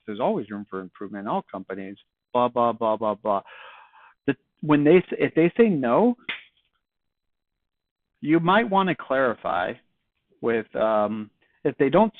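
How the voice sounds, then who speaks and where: A man's voice: mid-range voice, dry recording. Man coaching cold calls, tinny audio. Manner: conversational, acts out sample phone lines. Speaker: sales trainer. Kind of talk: casual training talk. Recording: dry, tinny phone-like audio.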